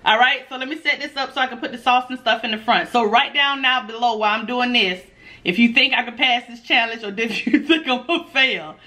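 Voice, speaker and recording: A woman's voice: on the high side, fairly quick, bright, forceful tone. A woman food vlogger, chatting casually and nervously to her viewers, laughing often. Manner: nervous, giggly energy. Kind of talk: casual mukbang vlog.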